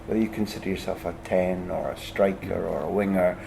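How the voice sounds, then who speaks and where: A man hosting an interview podcast, his voice sitting on the low side. He builds long, winding questions loaded with ums and uhs. A faint hiss runs under the recording. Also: steady tone, brisk, vocal fry. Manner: long, searching questions with many fillers. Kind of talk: casual conversation.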